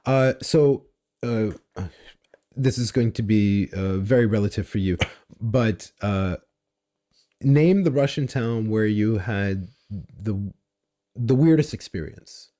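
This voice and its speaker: A man's voice: lowish voice, slow pace, mellow. A man hosting a podcast, asking questions in a hesitant way full of fillers. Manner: hesitant, many fillers and restarts. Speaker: podcast host. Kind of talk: casual interview chat.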